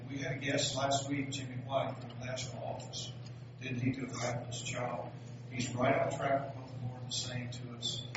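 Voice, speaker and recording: A pastor with a Southern US accent preaches a folksy, joking sermon full of stories in a church sanctuary. His voice is medium-pitched, and the recording is very noisy, echoey and captured by a distant, dull mic.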